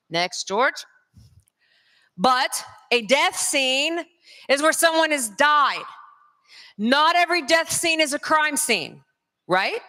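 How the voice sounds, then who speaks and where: A woman from North Carolina with a Southern accent, giving a lively conference lecture straight to the audience. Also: sits high. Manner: lively, addresses the crowd directly. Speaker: conference speaker. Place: large conference hall. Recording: long hall reverb.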